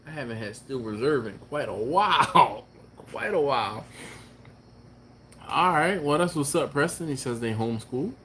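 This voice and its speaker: A man hosting a barbecue live stream, chatting casually and reading viewer comments aloud, with a laid-back, chuckling manner and drawn-out exclamations. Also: medium pitch, animated, pushed and bright, slight background noise. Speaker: barbecue channel host.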